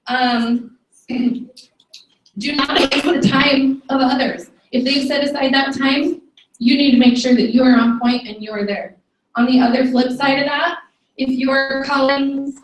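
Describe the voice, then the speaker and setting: A woman's voice: high-pitched, recorded from a distance. A woman giving a firm motivational training talk to her sales team in a meeting room, scolding and often checking in with "okay?". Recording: echoey room, recorded from afar.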